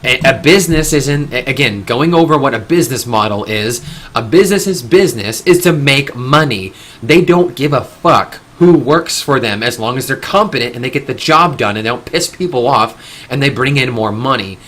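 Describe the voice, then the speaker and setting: A man's voice: medium pitch, lively intonation, normal speed, fairly bright tone. A man hosting a live stream, talking in an opinionated, rambling way with frequent restarts and casual swearing.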